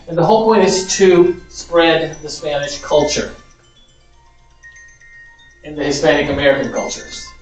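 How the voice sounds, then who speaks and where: A man, a Spanish teacher, giving a chatty, amused informal lecture. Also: a little high. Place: large echoey parish hall. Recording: echoey hall, distant mic.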